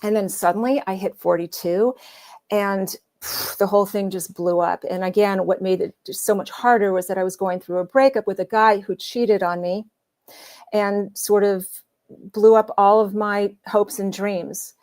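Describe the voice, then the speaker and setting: A woman's voice: mid-range voice, moderate pace. Candid woman telling her own story. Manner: candid, animated, conversational with many fillers. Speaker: guest storyteller. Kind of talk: personal storytelling talk.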